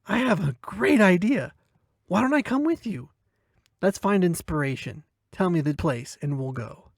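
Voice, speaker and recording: A man voicing a friendly, cheerful young woman in a read-aloud short story, lifting his pitch and keeping her bright and chatty. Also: lively intonation, moderate pace, vocal fry, no room sound, studio quality, exaggerated voice. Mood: eager.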